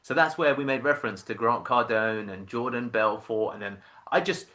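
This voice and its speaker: A man in his thirties, a podcast guest telling his career story in a casual, animated way, acting out voices and often restarting sentences. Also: mid-range voice, moderate pace. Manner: animated storyteller who acts out quoted voices, many restarts.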